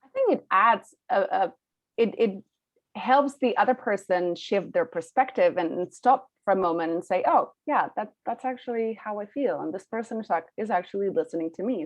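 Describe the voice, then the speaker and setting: A woman's voice: fairly low pitch, no echo. A woman co-hosting a live online webinar, talking in a conversational way with some restarts. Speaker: webinar co-host. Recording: dull, dry video call audio.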